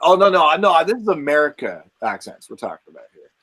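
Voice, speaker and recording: A man's voice: on the high side, very animated, fairly quick, fairly bright tone, breathy edge. A man from Canada hosting a casual podcast chat, laughing often and restarting his sentences as he talks. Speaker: podcast host.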